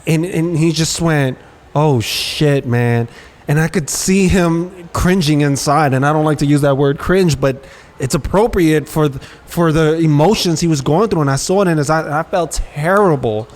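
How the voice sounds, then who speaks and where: A man's voice: fairly high pitch, moderate pace. A man co-hosting a casual podcast, telling stories and acting out quotes in street slang. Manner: animated storyteller, acts out quotes with street slang. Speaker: podcast co-host.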